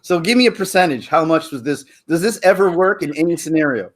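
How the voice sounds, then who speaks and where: A young adult man hosting a casual chat, telling stories with lots of loud silly impressions. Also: a little high, fast talker. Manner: animated storyteller, jumps into loud silly impressions. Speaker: host.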